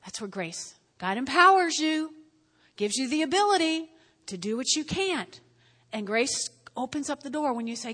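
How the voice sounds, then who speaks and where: A woman preaching to a congregation in a high, bright voice. She repeats her key words and calls for responses, dropping to quiet asides before rising to loud emphasis. A long hall reverb follows her lines. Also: big pitch swings, moderate pace. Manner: repetitive, call-and-response, swings from quiet to loud. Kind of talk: sermon.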